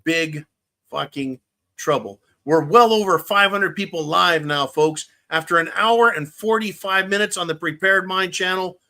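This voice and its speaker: This livestream host has a high-sitting, sharp-toned voice and talks a little slowly. He delivers a profane political rant, repeating himself to drive each point across.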